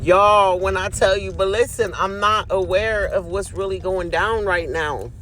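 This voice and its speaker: Man, high-pitched, casual storyteller addressing listeners directly. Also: steady tone, measured pace, sharp tone, slight background noise. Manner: chatty, speaks straight to the audience as "y'all".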